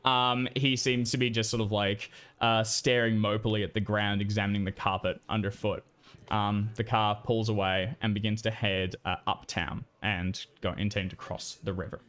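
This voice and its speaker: A man's voice: on the low side, little pitch movement, normal speed, fairly bright tone, clear, resonant tone. A man narrating a tabletop role-playing game as game master, in a loose, rambling way with many fillers.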